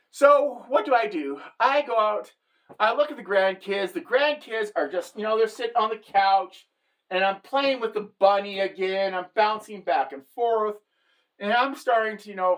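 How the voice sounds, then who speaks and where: A middle-aged woman with a mid-range voice tells a comic story as a monologue. She talks in an animated way and drops her punchlines deadpan. She slips into the voices of the people she quotes. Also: medium pitch, a little slow. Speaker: comedic storyteller.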